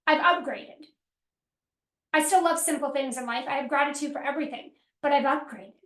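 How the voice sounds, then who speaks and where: A woman's voice: sits high, brisk, a bit bright. A woman business coach teaching a live workshop, emphatic and repetitive, acting out pleading voices to make her point. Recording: roomy echo.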